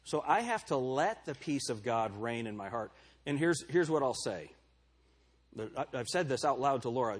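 A man preaching in a husky, slightly breathy voice, talking with his church congregation. He is candid and self-deprecating, and he calls out people by name as if chatting with them. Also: medium pitch, expressive, moderate pace. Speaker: pastor. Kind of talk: sermon. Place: church service before a congregation.

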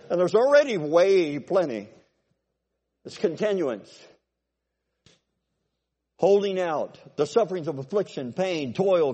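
An older man preaching a sermon to a congregation, swinging from loud exhortation to quiet, musing asides and asking for amens. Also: a little high.

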